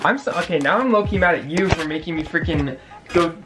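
A young man with the hiccups talks in a flustered, casual way. He keeps stammering "wait" and circling back on himself, all in a relaxed couple's-vlog style. Faint music plays behind him. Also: fairly high pitch, fairly quick. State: has the hiccups. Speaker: co-host of a couple's channel.

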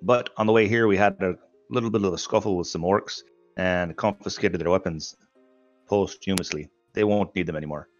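Guy doing a low mock-scottish dwarf, polite, says aye a lot, dry dull sound. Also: a little fast, soft background music, close to an everyday voice. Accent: put-on Scottish-style. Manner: old-fashioned speech with aye and mayhap.

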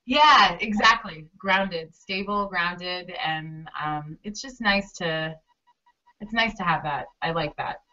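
A woman's voice: on the low side, slow, sharp tone, dull audio. A woman hosting an interview, effusive and exclamatory, often repeating her words. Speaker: interview host and costume designer. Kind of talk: casual interview chat.

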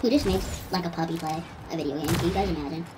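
Lady doing a whiny cussing pit bull pup gaming, sorta low voice, far off mic with loud gunfire behind. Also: fast talker, very noisy, close to an everyday voice. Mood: grumbling. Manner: whiny, cursing, complaining. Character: grumpy foul-mouthed pit bull puppy playing a shooter. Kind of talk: gaming commentary in character. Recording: distant voice under loud gunfire.

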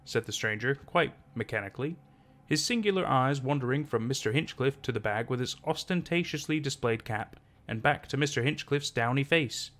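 A man narrating a classic short story in a measured storytelling manner. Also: mid-range voice, lively intonation, a bit bright. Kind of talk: scripted narration.

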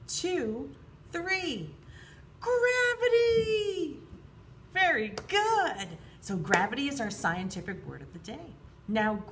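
A woman's voice: mid-range voice, slight background noise. A woman teacher reading a storybook and leading a lesson for young children, speaking expressively in a sing-song way and calling herself by name in the third person. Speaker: preschool teacher.

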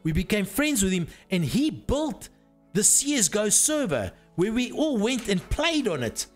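A man's voice: high voice, big pitch swings, normal speed, soft background music. A man chatting casually and teasingly on a live stream, swearing freely while working on hardware.

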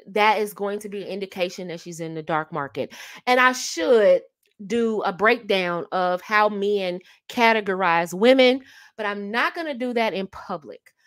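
A woman's voice: medium pitch, a bit bright. A woman hosting a casual advice talk on dating, emphatic and fond of repeating her key phrases with rhetorical asides. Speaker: host giving dating advice.

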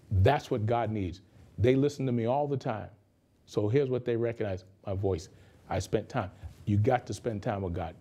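A man's voice: mid-range voice, mellow. A male pastor giving a conversational sermon in a radio studio, repeating phrases for emphasis.

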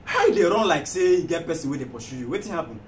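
Guy doing a nigerian friend giving advice over and over, lively voice, echoey room, mic far away, noisy. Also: fairly high pitch, racing, close to an everyday voice. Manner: instructive, repeats himself. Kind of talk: comedy skit acting.

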